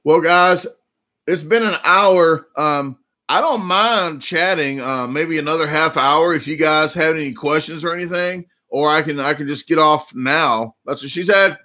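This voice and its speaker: A man in his forties with a Southern US accent rambles through jokey stories on a casual livestream. His voice sits a little high and sounds bright and forceful. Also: a little slow. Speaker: livestream host. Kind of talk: casual live chat.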